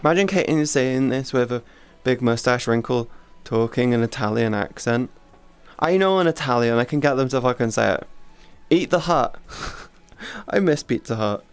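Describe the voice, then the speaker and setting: A man's voice: mid-range voice, lively intonation, moderate pace, long pauses, smooth. A man chatting casually on a stream in a laid-back, teasing way.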